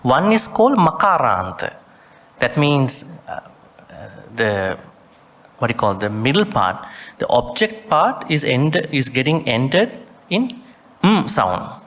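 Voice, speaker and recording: Slow-spoken monk teaching Pali pronunciation. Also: male voice, medium pitch, very animated, fairly bright tone. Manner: slow, deliberate, sounds out Pali words and recites them with care. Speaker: Buddhist monk teaching a sutta class. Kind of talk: Pali study lesson.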